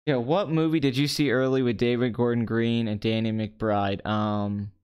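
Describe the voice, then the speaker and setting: A man hosting a comedic box office show, talking in a sarcastic, deadpan way. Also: mid-range voice, normal speed, clean tone, highs cut off. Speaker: host.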